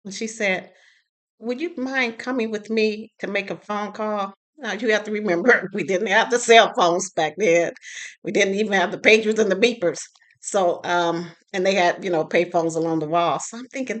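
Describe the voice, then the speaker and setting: A woman's voice: mid-range voice, normal speed, a bit bright. A middle-aged woman speaks casually to her viewers, telling a story from her own life. She acts out what other people said, lifting and dropping her voice for them, and fills her talk with little asides and fillers. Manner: chatty, with frequent fillers and asides. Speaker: storyteller sharing a personal experience.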